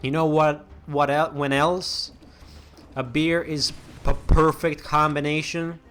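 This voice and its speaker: A young man talks through his game session from a desk mic at home, in casual let's-play commentary. He speaks slowly and rambles, doubling back on half-finished words and filling gaps with um and you know. Quiet game music plays underneath. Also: fairly high pitch, flat delivery. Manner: rambling, many restarts and fillers, chatty asides. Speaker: gaming channel host.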